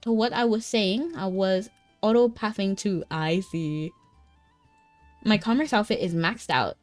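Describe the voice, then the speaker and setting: Faint game music accompanies a young woman's casual live-stream chat with viewers. She's bubbly and talkative, with a medium-pitched voice and an unhurried pace.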